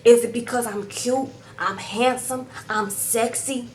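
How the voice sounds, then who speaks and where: A woman's voice: a little high, steady tone, a little mellow, slight background noise, natural voice. A woman mimicking a pushy, worked-up young man. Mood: demanding. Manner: pushy, rapid rhetorical questions.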